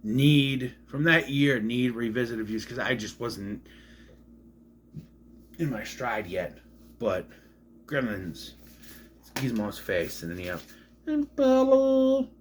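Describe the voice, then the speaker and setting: A man's voice: mid-range voice, slow, long pauses, a bit bright, slight background noise. A man casually showing off his film collection on camera, rambling, joking and swearing now and then. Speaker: collection vlogger. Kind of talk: casual show-and-tell chat.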